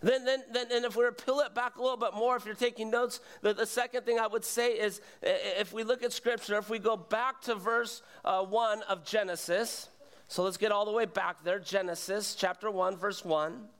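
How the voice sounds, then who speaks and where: A man's voice: high-pitched, fairly even intonation, normal speed, a bit bright, clear, resonant tone. A male pastor preaching a sermon, earnest, quizzing the congregation and repeating words as he goes.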